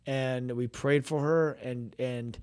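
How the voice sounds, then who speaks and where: Man, radio co-host, casual storytelling, animated, restarts, middle pitch. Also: slow, clean tone. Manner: animated, acts out quoted voices, frequent restarts. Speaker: radio show co-host and minister.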